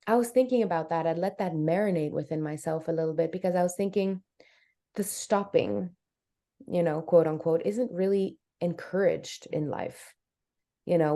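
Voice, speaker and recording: A woman hosting a conversation in a low voice with a relaxed, mellow tone. She muses aloud and asks long, winding questions. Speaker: podcast host. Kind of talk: reflective interview talk.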